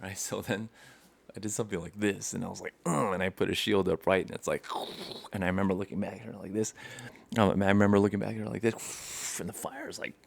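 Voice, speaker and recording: A man's voice: low-pitched, little pitch movement, quick pace, vocal fry, dry recording. A young man casually telling a rambling childhood story to camera, acting out scenes and laughing often. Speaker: vlogger.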